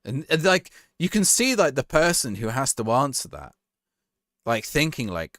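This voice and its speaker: A man's voice: medium pitch, sing-song, moderate pace, fairly bright tone, dry recording, studio quality. A man chatting casually to his viewers on a live stream, laughing and reacting to a match as he talks. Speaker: livestreamer.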